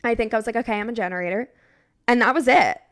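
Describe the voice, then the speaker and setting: A woman talking as a podcast guest in easy, casual conversation. Her voice has a gravelly, fry-laden edge. She keeps replaying earlier conversations in quotes, with lots of "like" and "I'm like.". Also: fairly high pitch, quick pace. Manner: chatty, acts out her own past remarks in quotes. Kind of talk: casual chat.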